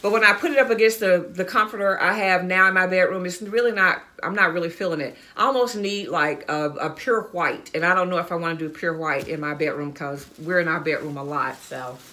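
Bright-voiced chatty woman showing off a haul. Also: lowish voice, brisk, hardly any pauses. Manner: chatty, enthusiastic, addresses viewers as y'all and guys. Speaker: fashion vlogger. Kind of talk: casual haul video chat.

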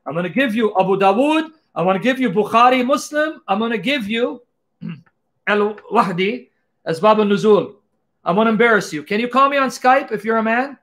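A man hosting a live call-in debate stream, taunting and mocking his callers loudly. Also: sits high, animated, normal speed.

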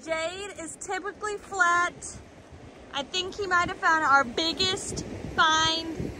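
A woman's voice: very high-pitched, steady tone, slow, noisy background. A woman vlogging outdoors on a rocky ocean beach, gushing to viewers as "you guys". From United States. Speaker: vlogger and rockhound. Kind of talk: casual vlog talk to viewers.

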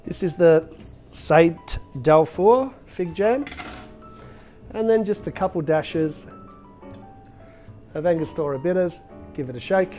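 A man's voice: a little high, takes it slowly, long pauses, mellow, faint music behind. A man hosting a cocktail demonstration as a bartender, talking in a chatty, upbeat way with frequent filler words. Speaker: bartender and show host.

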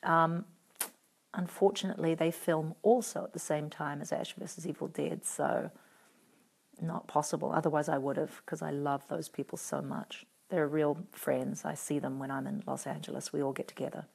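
Kiwi woman doing a live fan q&a, low voice with a gravelly edge, wry and teasing. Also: level tone, normal speed, darkish tone. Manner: chatty, wry and playfully teasing. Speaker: actress answering fan questions. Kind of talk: casual live video Q&A reading out comments.

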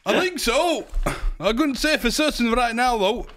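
A man's voice: very high-pitched, lively intonation, a little slow, fairly bright tone, heavily acted. A man putting on a dim, boastful self-styled knight from the West Country, with a wavering rural accent and crude, rambling talk. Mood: smug. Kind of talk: improvised comedy character.

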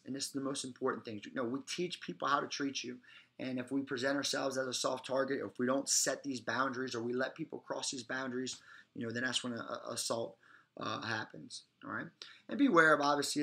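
A man's voice: medium pitch, pushed and bright. A man teaching self-defense in a presentation, speaking emphatically and often checking in with his listeners. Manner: emphatic, often checks in with "all right?" and "guys". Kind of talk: instructional presentation.

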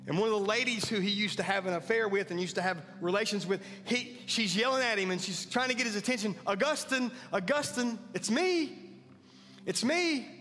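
A man's voice: sits high, fast, hardly any pauses, sharp tone. A man preaching a sermon as pastor, earnest and building to emphatic peaks. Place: church sanctuary. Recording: church hall reverb with faint music.

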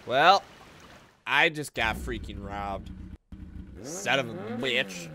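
A man streaming a video game, giving casual, excitable commentary full of swearing and jokes. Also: medium pitch, slow pace, background noise. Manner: excitable, profane, joking.

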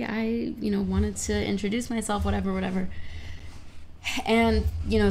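A young woman livestreaming, chatting casually and excitably with her viewers, swearing now and then. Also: mid-range voice, gravelly, slight background noise. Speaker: livestreamer answering chat questions. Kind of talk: casual chat.

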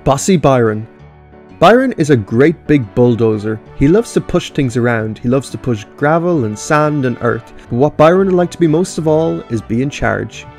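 Casual male YouTube commentator, frank, reads and reviews stories, mid pitch, faint music. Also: expressive, moderate pace, creaky, darkish tone. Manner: casual and frank, with mild swearing. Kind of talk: reading story outlines and commenting.

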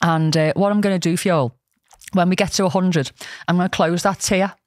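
Chatty Scouse woman, low voice. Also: fairly even intonation, brisk, no room sound, clean studio sound. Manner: chatty storyteller, laughs often. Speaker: podcast host. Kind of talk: casual chat.

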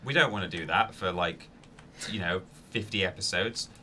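Bright-voiced man playing a game live. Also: deep voice, normal speed, slight background noise. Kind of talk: casual live-stream chat.

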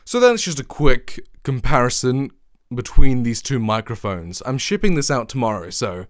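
A man's voice: mid-range voice, sing-song, moderate pace, no room sound. A man in a casual tech vlog, talking through a microphone test in a rambling, self-deprecating way, recorded close on a studio mic in a small foam-treated room. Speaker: tech YouTuber. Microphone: close studio condenser microphone.

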